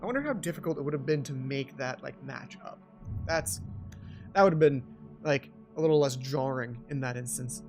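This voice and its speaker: A man's voice: medium pitch, moderate pace, a little mellow, soft background music. A man doing a let's-play, joking and rambling about the game as he plays. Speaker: gamer doing a playthrough. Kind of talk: playthrough commentary.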